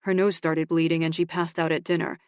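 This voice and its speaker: A woman narrator voicing a blunt, possessive young man with loud, clipped delivery. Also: deep voice, flat delivery, fairly quick, clear, resonant tone, dry recording, lightly acted. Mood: heated.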